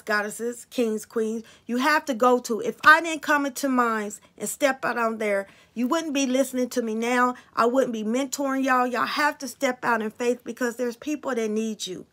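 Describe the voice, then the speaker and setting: A woman's voice: on the high side, moderate pace, bright, forceful tone. A woman card reader talking casually and bluntly to her viewers about spirits and signs, swearing freely.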